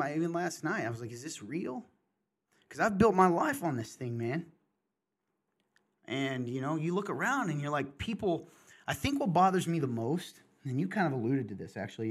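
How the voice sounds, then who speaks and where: Middle-aged guy on a podcast, kinda high voice, blunt and fired up, talks in bursts. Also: husky. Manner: passionate, candid, talks in bursts. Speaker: podcast host. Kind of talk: casual chat.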